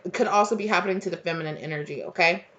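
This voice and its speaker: A woman's voice: lowish voice, very fast, fairly bright tone. A woman giving a casual spiritual tarot reading, rambling with lots of fillers and restarts. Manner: rambling, filler-heavy, conversational. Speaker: tarot reader. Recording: dull lo-fi audio.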